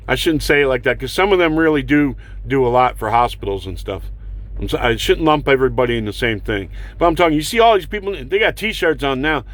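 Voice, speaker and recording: A man with a somewhat high voice rants hard, cursing and throwing out sarcastic whoops. His questions come in heated bursts. The recording is dry and close, with little room sound. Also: animated, fast, a bit bright, no room sound. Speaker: political vlogger. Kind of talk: angry ranting monologue.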